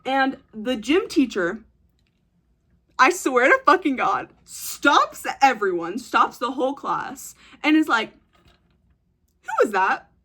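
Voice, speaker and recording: A woman's voice: sits high, very animated, slow, bright, forceful tone, slightly rough. A young woman vlogging casual advice to camera, blunt and teasing, swearing freely and retelling stories with dramatic flair.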